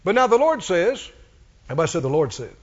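A man's voice: sits high, very animated, fast talker, husky. A man preaching a sermon, repeating phrases and calling for responses from the congregation. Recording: dull audio in a reverberant hall.

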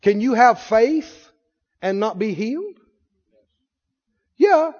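High-voiced man preaching a sermon. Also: big pitch swings, darkish tone. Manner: asks the congregation rapid questions. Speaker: pastor. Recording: dull recording in a reverberant hall.

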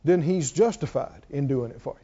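Male preacher, call-and-response sermon, warm mellow tone, muffled lo-fi sound. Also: on the high side, normal speed. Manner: call-and-response preaching, asks the congregation questions.

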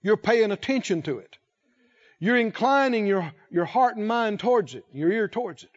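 A man preaching a sermon, speaking slowly and emphatically, drawing out key words and putting questions to the congregation. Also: high voice, expressive, muffled recording.

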